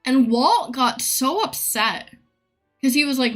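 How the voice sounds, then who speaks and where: Give me a woman streamer ranting bluntly and profanely, a little high-pitched. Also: animated, slow, fairly bright tone, soft background music. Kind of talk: casual live-stream rant.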